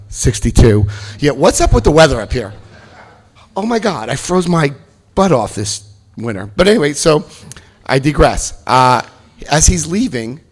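A man in his fifties giving personal testimony at a recovery meeting, an animated storyteller who jokes and jumps into high voices for quotes. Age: 50s.

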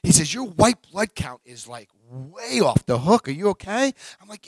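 A man in his forties speaks to a large audience. He tells a personal recovery story with energy, acting out the voices of the people in it and whooping at its high points. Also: very animated, normal speed, few pauses, husky, dry recording. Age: 40s. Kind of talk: live talk to an audience.

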